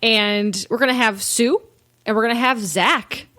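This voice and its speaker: A woman's voice: a little high, measured pace, sharp tone. A woman hosting a comedy podcast, bubbly and playful, laughing between lines. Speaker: podcast host.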